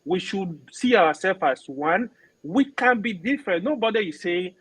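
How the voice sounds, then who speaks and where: A man making an earnest, halting point in a group discussion. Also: high-pitched, expressive, a bit bright, slightly rough, dry recording, poor audio. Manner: earnest, halting, repeats words. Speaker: discussion participant.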